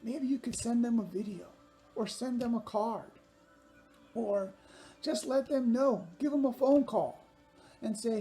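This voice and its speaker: A woman's voice: fairly high pitch, unhurried, long pauses, dark tone, soft background music. A woman giving an upbeat children's sermon, talking straight to young viewers. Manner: upbeat, talks directly to kids.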